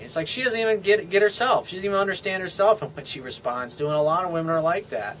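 Male dating coach, slightly high voice, blunt and profane, off-the-cuff monologue. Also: fast talker, fairly bright tone, slight background noise. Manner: blunt, profane, dismissive asides. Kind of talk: casual advice monologue.

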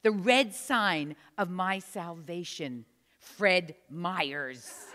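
An older woman from New Jersey telling a funny story on stage, chatty and teasing her audience. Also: fairly low pitch. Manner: animated, chatty, teases the audience. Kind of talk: humorous live storytelling. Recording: long hall reverb.

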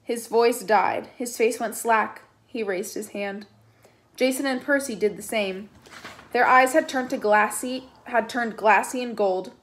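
A woman's voice: on the high side, measured pace. Woman reading a novel aloud. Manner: plain, steady narration with casual asides. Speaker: reader.

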